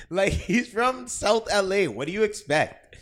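A man in a casual basketball podcast chat, animated and repeating himself as he acts out players. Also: high-pitched, a little slow, slight background noise. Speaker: podcast panelist.

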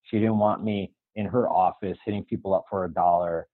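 An animated man tells a personal story as a guest, breaking into laughter now and then. His voice is husky and rough, and it comes through thin and tinny, like a phone line. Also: sits low, fairly quick. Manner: animated, laughs while telling. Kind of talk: storytelling in casual chat.

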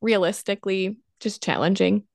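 A woman's voice: mid-range voice, steady tone, normal speed, gravelly, darkish tone, no echo, studio quality. A woman interviewing a guest, asking questions and reacting in a friendly, encouraging way. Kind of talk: casual interview.

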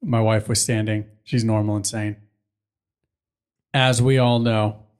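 A man's voice: on the low side, flat delivery, unhurried, darkish tone, clean tone. A man hosting a casual podcast chat, laid-back and profane, checking his notes as he talks. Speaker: podcast host.

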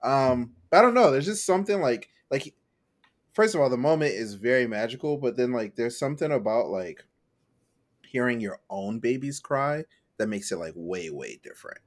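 A young man in casual podcast chat, mid-pitched and easygoing. He rambles through his thoughts with constant fillers. He often acts out how he reacted. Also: animated, moderate pace. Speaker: podcast co-host.

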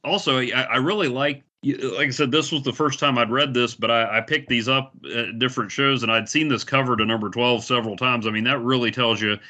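Bright-voiced man, stumbling thoughtfully. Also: medium pitch, steady tone. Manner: halting, repeats words as he thinks. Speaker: podcast panelist. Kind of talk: casual chat.

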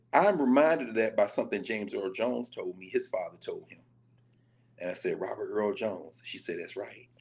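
A man, a professor, giving lively commentary and telling stories with quoted dialogue. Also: on the low side. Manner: animated storytelling, quoting others in his own voice. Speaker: professor and show regular.

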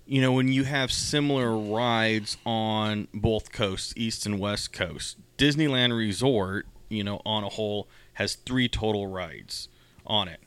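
A man co-hosting a casual chat, explaining points in a measured way with frequent fillers. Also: fairly low pitch, fairly bright tone, smooth. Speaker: podcast co-host.

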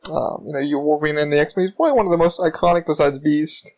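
A man hosting his own podcast, telling stories in a casual solo monologue, rambling and excitable and swearing often. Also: a little high, quick pace, poor audio. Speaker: podcast host.

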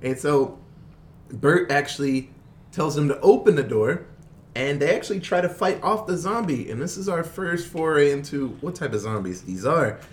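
Animated man recapping a movie. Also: a little high, normal speed. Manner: animated storyteller, laughs often, mimics characters. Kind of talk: casual movie recap chat.

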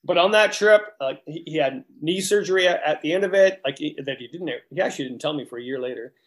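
A man's voice: a little high, quick pace, a bit bright. A man, a guidebook author talking as a guest in a hyper, rambling way with many restarts. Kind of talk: casual interview chat.

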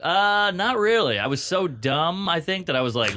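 A man's voice: mid-range voice, expressive, pushed and bright. A middle-aged man, a comedian guest, joking and telling stories in a casual podcast chat. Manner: joking, storytelling with quick put-on voices.

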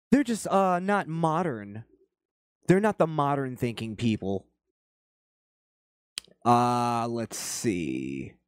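A man's voice: medium pitch, dry recording, studio quality. A man ranting through heated, profanity-laced political commentary and reading viewer comments aloud. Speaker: commentary channel host.

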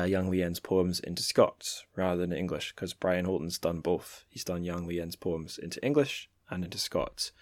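A man with a deep, low voice reads passages aloud for his podcast. He sounds relaxed and casual, trips over words now and then and breaks off for chatty asides. The recording is dry and close, with no room sound. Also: no room sound. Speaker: podcast host.

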